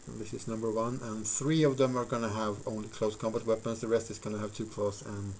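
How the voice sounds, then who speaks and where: A man's voice: fairly low pitch, level tone, a little fast, darkish tone, a little hiss or hum, rough recording. A man live-streaming while he builds a model, thinking aloud in a rambling, filler-heavy way and chatting with his viewers. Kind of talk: casual live-stream chat while crafting.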